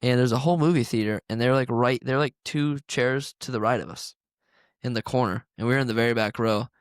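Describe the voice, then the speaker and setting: A man's voice: mid-range voice, fairly quick, no room sound, studio quality. A young man co-hosting a podcast, telling a story in a rambling, casual way full of fillers. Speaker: podcast co-host. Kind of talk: casual chat.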